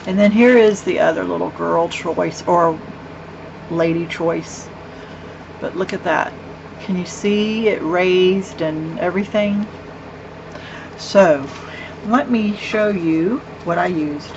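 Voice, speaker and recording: Middle-aged woman, unhurried, gushing craft vlogger; dull lo-fi recording at a home craft table. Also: on the low side, vocal fry. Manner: chatty, rambling, with gushing asides. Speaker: card-making vlogger. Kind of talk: casual craft show-and-tell. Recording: dull lo-fi with faint hum.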